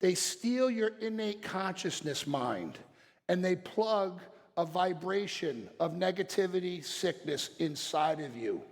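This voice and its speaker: A middle-aged man speaks from a stage in a large hall, and his words ring out with a long tail of reverb. His voice sits a little high and has a gravelly, fried edge. He talks bluntly and with passion, dropping to quiet reflection and then pushing hard on a point. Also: lively intonation, slow. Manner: blunt, passionate, swings between quiet and forceful. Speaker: chiropractic speaker. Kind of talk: motivational stage talk.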